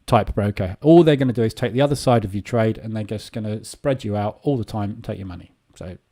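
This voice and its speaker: A man hosts a live trading session, offering casual market commentary that rambles and is full of filler sounds. He talks fast in a lowish, warm voice.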